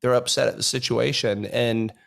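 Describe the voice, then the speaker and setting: Gravelly-voiced man musing on a podcast. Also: medium pitch, fairly even intonation, normal speed. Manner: thoughtful, reflective, many restarts. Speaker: podcast co-host. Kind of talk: casual podcast conversation.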